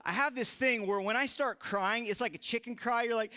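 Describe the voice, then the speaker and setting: A man in his thirties giving a live sermon to a young adult crowd in a large room, telling stories with animated humor. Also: extremely high pitch, fairly quick, clean tone. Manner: animated, joking storytelling. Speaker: young adult ministry speaker.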